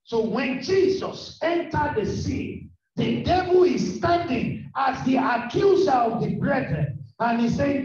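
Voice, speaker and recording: Man, pastor preaching, very high strained pitch, impassioned shouting, echoey church hall, distant muffled mic. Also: lively intonation, slow pace, hardly any pauses. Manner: impassioned preaching, often shouting, calls on the congregation. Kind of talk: sermon. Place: large church hall with a congregation.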